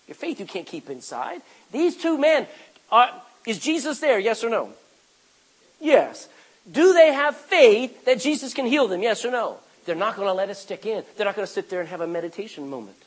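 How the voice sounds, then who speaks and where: A husky-voiced man in middle age preaching a sermon. His pitch sits high and rises and falls widely, and he breaks from quiet asides into sudden loud cries. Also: animated, normal speed, rough recording. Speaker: pastor.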